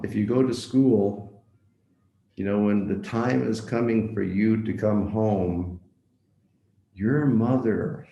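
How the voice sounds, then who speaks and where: A visiting monk gives a devotional lecture, telling a story, repeating words for emphasis, and asking his listeners direct questions. His voice is lowish, creaky, and warm, and the poor-quality recording is reverberant.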